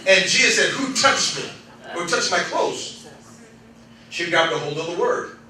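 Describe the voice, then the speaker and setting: High-voiced animated preacher in echoey hall. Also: male voice, measured pace, crowd noise. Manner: animated, laughing often, swings between loud exclaims and quiet storytelling. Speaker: pastor. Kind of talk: sermon. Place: church sanctuary. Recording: echoey church hall, mic from far off, congregation responding. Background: congregation calling out responses.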